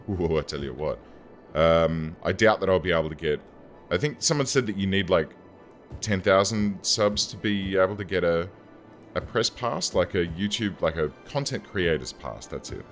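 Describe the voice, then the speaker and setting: A man's voice: sits low, animated, normal speed, faint music behind. A young man, an engineer and gaming YouTuber, rambles casually and self-deprecatingly while building a city in a game. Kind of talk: casual gameplay commentary.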